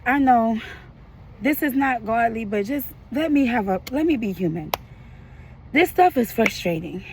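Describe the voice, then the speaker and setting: Woman in her 30s, kinda high voice with lots of fry, talking real candid and frustrated on her vlog, faint traffic hum behind. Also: a little mellow, low-quality recording. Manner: emotional, frank, slangy and frustrated. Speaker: vlogger.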